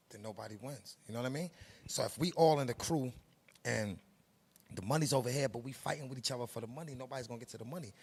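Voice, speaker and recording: Middle-aged Harlem man, New York accent, gravelly and husky, emphatic streetwise interviewee. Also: medium pitch. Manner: streetwise, preachy, emphatic with slang. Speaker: production company head. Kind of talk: interview, casual monologue.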